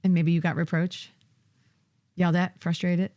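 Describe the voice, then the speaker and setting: A woman's voice: lowish voice, level tone, normal speed, mellow. A woman leading a casual group Bible study, asking questions and laughing often.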